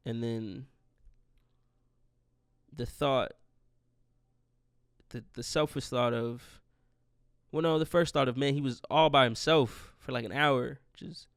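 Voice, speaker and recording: A man's voice: medium pitch, vocal fry, a bit bright, no room sound, studio quality. A man in his twenties hosting a podcast, telling a rambling, profane, grieving story in a casual monologue. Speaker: podcast host.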